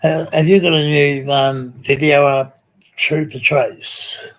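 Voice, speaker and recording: Australian male streamer, easygoing chat with viewers, unhurried, lots of ums and restarts. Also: fairly high pitch, level tone, a bit bright. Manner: slow, rambling, many ums and restarts. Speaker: live stream host. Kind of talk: casual live chat reading comments.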